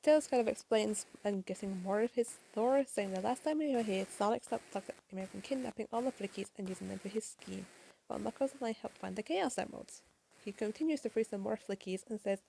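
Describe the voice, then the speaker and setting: A woman's voice: mid-range voice, brisk, gravelly, warm tone, slightly rough, low-quality recording. A woman casually reading a comic aloud, with chatty asides and the odd swear word. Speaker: comic reader. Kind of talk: casual comic read-along with commentary.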